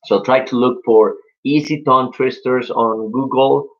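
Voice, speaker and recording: A young man gives an upbeat English lesson over a live stream, slowing down and drawing out the words he wants to stress. His voice sits in a middle pitch. The sound is a little dull and lo-fi. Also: steady tone. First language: Spanish. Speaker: English teacher.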